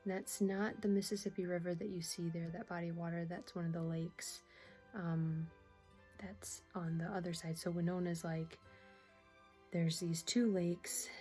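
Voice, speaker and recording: A woman's voice: on the low side, dark tone, low-quality recording. A woman vlogging casually about knitting, rambling and giggly, often breaking off mid-sentence. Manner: rambling, giggly, self-interrupting. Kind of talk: casual chatty vlog.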